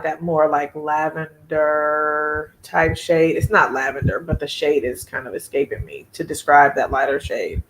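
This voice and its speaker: A woman's voice: low-pitched, fairly bright tone. A woman, hosting a casual beauty live chat, chatty and laughing often as she reads viewer comments.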